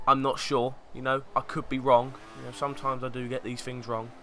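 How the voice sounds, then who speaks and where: A man's voice: mid-range voice, monotone, a little fast, fairly bright tone, a little hiss or hum. A young man with a sarcastic, mocking manner, reading out fan tweets and commenting on them in a casual way. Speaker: YouTube commentator.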